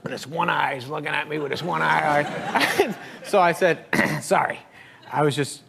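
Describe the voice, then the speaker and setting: A middle-aged man, a talk show guest, tells comic stories in a relaxed, animated way, often laughing and acting out the voices of the people he quotes. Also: on the high side, a little slow, gravelly. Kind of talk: casual comic storytelling. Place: television studio with live audience. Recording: studio audience laughter and noise. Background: audience laughter.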